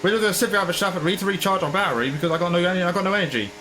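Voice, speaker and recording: A man's voice: high voice, racing, bright, forceful tone. A man commentating his own racing game, frustrated and ranting. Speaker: gaming channel host.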